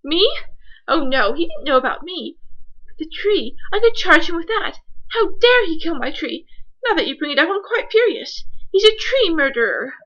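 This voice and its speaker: A woman's voice: big pitch swings, unhurried, pauses often, fairly bright tone, dull audio, heavily acted. A woman voicing a distraught, self-pitying woman who insists she is bound to a tree. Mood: indignant. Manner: shrill, wounded, insistent.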